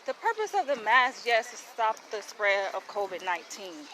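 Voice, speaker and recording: A woman's voice: medium pitch, big pitch swings, normal speed, sharp tone, rough recording. A woman talking to her viewers while walking outdoors, chatty and blunt, calling them y'all. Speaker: vlogger. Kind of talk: casual walking vlog. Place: outdoors on a city walk. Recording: outdoor street noise.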